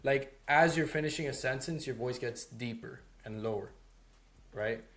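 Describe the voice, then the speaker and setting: A man's voice: medium pitch, normal speed, a bit bright. A young man in his home office giving a casual lesson on sales calls, talking loosely with lots of "like" and "right?". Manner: loose, conversational, heavy on "like" and "right?". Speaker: sales course instructor.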